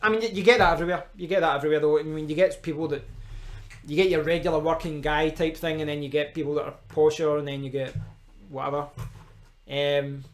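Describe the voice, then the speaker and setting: Scottish male streamer, loose rambling chat, voice sits a touch high. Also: steady tone, quick pace. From Scotland. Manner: rambling, chatty, frequent restarts and fillers. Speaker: live stream host. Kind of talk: casual chat.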